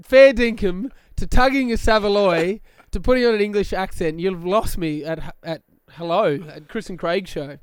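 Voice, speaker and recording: High-voiced man bantering. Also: moderate pace, few pauses, smooth, no room sound, clean studio sound. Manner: bantering, teasing, bursts of laughter. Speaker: podcast co-host. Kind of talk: casual comedic chat.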